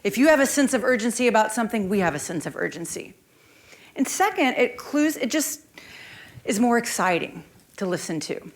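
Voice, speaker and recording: A woman presentation coach leading a conference workshop, lively and speaking straight to the audience. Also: on the high side, normal speed. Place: conference room.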